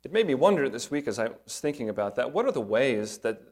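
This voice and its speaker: A man's voice: medium pitch, big pitch swings, fast talker, darkish tone. Man preaching an emphatic sermon. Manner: earnest, emphatic preaching with rhetorical questions. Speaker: pastor.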